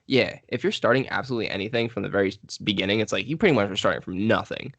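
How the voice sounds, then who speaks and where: Young male podcast co-host, low-voiced, dry close sound, laid-back and slangy. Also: very fast, a bit bright, dry recording, highs cut off. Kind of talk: casual chat.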